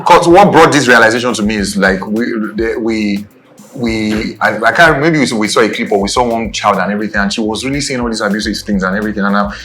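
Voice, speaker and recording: A man's voice: fairly low pitch, fast talker, slight background noise. A young adult man with a Nigerian accent, co-hosting a casual chat and often checking "do you understand". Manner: animated, repeats "do you understand". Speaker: podcast co-host.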